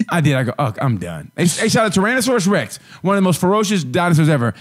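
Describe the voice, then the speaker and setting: A man's voice: high-pitched, big pitch swings, fast. A man co-hosting a comedy podcast in casual chat, telling rambling stories full of restarts and acted-out quotes. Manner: rambling storyteller who acts out voices in quotes; restarts and stammers often. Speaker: podcast co-host.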